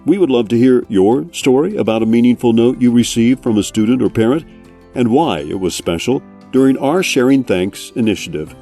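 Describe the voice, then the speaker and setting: A man hosting a podcast, reading scripted narration in a calm, measured way. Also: mid-range voice, faint music behind. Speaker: podcast host.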